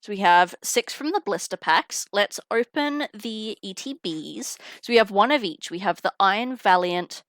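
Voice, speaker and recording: A woman's voice: mid-range voice, animated, moderate pace, few pauses, a bit bright, dry recording, clean studio sound. A young woman chatting casually on a live stream while opening trading cards, giggling and greeting viewers through a headset mic. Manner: chatty, giggly, talks to chat while unboxing. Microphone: headphones with mic.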